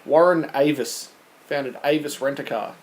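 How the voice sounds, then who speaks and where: A man's voice: medium pitch, unhurried, a little hiss or hum, low-quality recording. A man co-hosting a podcast, reading quiz questions in casual, teasing banter and laughing often.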